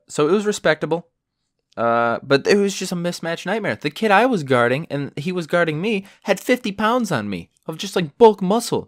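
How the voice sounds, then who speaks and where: A young man hosting a podcast and telling stories in a rambling, sarcastic way, with lots of fillers, and his pitch jumps when he gets worked up. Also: no room sound, studio quality. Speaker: podcast host. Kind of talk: casual solo storytelling.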